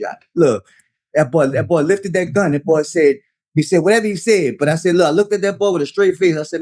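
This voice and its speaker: Calling people "son" and "dog" again and again, a slangy man in his 30s spins long, animated stories in casual conversation. His voice is a little high and fast, recorded in clean studio sound without room sound.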